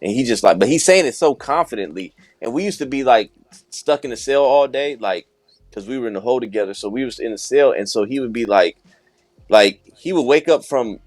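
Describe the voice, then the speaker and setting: Casual, animated man telling stories. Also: mid-range voice, fairly quick, dry recording. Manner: animated, acts out quoted dialogue, laughs often. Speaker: podcast co-host. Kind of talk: casual storytelling chat.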